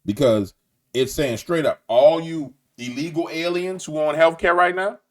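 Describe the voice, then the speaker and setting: A man's voice: a little high, moderate pace. A man giving an opinionated monologue as a political commentator, blunt and colloquial, slipping into a preacher's cadence. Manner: animated, slips into preacher cadence; blunt colloquial talk with repeated phrases.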